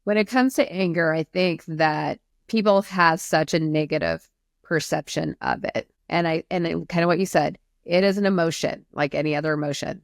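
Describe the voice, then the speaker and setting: A woman's voice: sits low, moderate pace, gravelly, no echo, clean studio sound. A woman therapist speaking earnestly and emphatically in a podcast conversation, explaining at length. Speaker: therapist guest.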